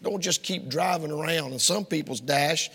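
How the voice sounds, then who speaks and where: A preacher with a raised, gravelly voice, folksy and emphatic. His bright, tense delivery swings between hushed asides and sudden shouts. The sound carries a long reverb from the church sanctuary. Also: fairly high pitch, moderate pace. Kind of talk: sermon. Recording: reverberant hall.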